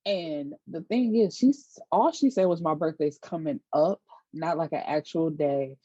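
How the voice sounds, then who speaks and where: A woman's voice: low voice, a little slow, mellow, no room sound. A woman giving a casual, chatty TV episode recap, retelling scenes with lots of fillers. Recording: dull lo-fi dry recording.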